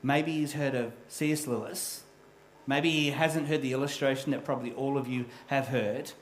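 Storytelling pastor in an echoey hall. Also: male voice, mid-range voice, steady tone, normal speed, slight background noise. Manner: storytelling, candid and self-deprecating. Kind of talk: sermon.

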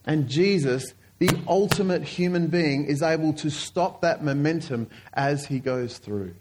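A man preaching a sermon, telling stories earnestly and slowing down to stress key points. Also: fairly high pitch, background noise. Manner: earnest storytelling, slowing down for emphasis.

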